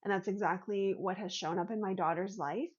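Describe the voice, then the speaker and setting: A woman's voice: mid-range voice, steady tone, fairly quick, breathy edge. An earnest woman talks to camera, recounting a personal experience and then explaining a practice. She speaks in a middle register and slips into her own inner thoughts as she tells the story. The recording sounds slightly dull and lo-fi. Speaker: vlogger.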